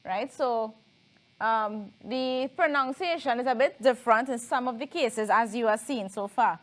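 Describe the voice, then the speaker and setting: High-voiced woman teaching. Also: a little slow. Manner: explanatory, frequent tag questions. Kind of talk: televised classroom lesson.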